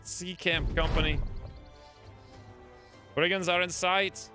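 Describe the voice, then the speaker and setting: A man's voice: high voice, little pitch movement, slow, sharp tone, soft background music. A man casually commenting on his own strategy game playthrough, chatty and musing aloud. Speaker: gaming video creator. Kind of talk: let's play commentary.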